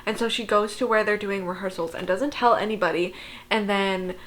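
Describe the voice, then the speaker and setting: A woman's voice: medium pitch, steady tone, fairly quick, a bit bright. A young woman chatting casually as she recaps a book plot, exasperated and laughing, with lots of "like". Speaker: book vlogger.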